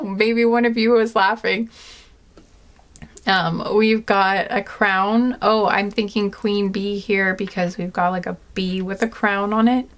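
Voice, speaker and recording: A tarot reader with a medium-pitched voice and fairly even intonation does a pick-a-card reading, chatting casually and giggling now and then. She is tired and has a sore back, speaking slowly and meandering, calling her viewers "guys."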